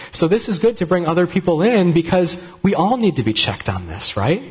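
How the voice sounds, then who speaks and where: A man preaching a sermon in a conversational, gently humorous way, often restarting his sentences. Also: high voice, sing-song, normal speed. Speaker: pastor. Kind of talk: sermon with live demonstration.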